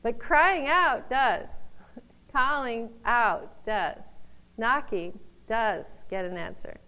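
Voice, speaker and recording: Lively laughing woman teaching the Bible. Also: fairly high pitch, drawn-out words, poor audio. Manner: laughs often, acts out quotes loudly.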